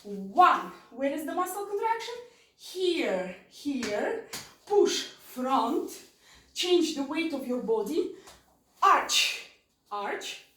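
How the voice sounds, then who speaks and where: A woman's voice: high-pitched, big pitch swings, slow pace. A woman teaching an online dance lesson, counting beats aloud and repeating her cues. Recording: roomy sound from far off.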